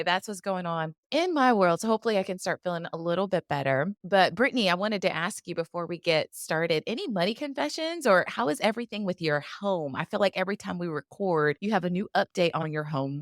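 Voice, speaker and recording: A woman physician co-hosting a podcast, talking in a casual, expressive way that slides into venting. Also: on the low side, no room sound, clean studio sound. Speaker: podcast co-host, physician who teaches.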